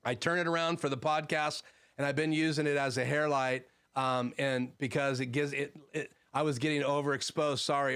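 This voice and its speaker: A man's voice: mid-range voice, fairly bright tone. A man hosting a live stream from his home studio, casually explaining his gear and answering chat questions with frequent fillers. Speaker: livestream host.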